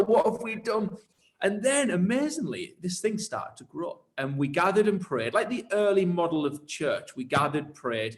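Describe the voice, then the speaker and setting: A man who leads churches tells his story in an interview with animated enthusiasm. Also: on the high side. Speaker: church leader and pastor.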